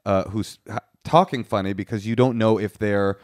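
A man's voice: on the low side, fairly even intonation, normal speed, a little mellow, dry recording, clean studio sound. A man co-hosting a comedy podcast, bantering and teasing in casual chat. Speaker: podcast co-host.

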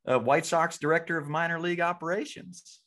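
A man in his thirties hosting a podcast, asking his guest questions in a halting, restarting way. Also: fairly high pitch, steady tone, a bit bright. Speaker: podcast host. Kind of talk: casual podcast chat.

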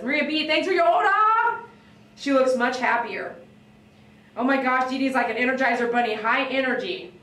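A woman dog groomer chatting on a livestream, reading viewer comments and telling stories in an animated, excitable way that breaks into shouts. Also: on the high side, far from the mic. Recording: echoey room, voice away from the mic.

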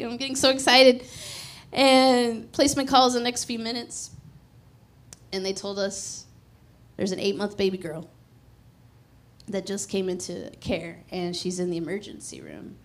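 A middle-aged woman preaching a sermon as personal testimony, telling her story with animated energy, laughing often and acting out the dialogue. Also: mid-range voice, moderate pace, long pauses.

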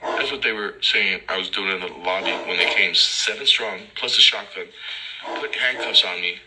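A man's voice: deep voice, normal speed, a loud crowd, rough recording. A man angrily recounting his own story in a profane rant, acting out what others said to him. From Los Angeles. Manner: ranting, profane, acts out officers' lines. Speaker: vlogger. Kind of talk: angry personal rant.

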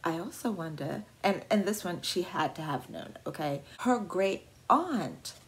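A woman's voice: fairly low pitch, expressive, a little slow. A woman vlogger telling an art history story in a casual, playful way, with slangy wording and dramatic asides.

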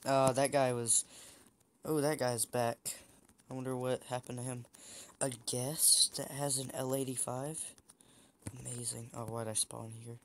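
A man's voice: medium pitch, level tone, unhurried. Chatty young man commentating gameplay. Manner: chatty, teasing opponents, frequent restarts. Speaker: gameplay streamer.

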